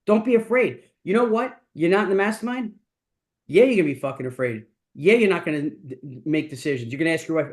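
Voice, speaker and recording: A man's voice: on the high side, lively intonation, brisk, darkish tone. Blunt, profane motivational man. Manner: blunt, profane, repeats catchphrases. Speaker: mastermind host. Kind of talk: motivational talk.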